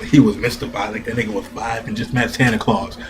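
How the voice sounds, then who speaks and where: A man giving a casual, profane anime review rant, animated and laughing often. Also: lowish voice, fast talker, noisy background. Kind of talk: casual ranting commentary.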